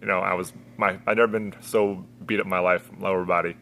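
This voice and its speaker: A man's voice: low voice, flat delivery, quick pace, creaky, sharp tone. A young adult man, a guest coach, telling stories in a rambling casual way and laughing often. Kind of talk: casual chat.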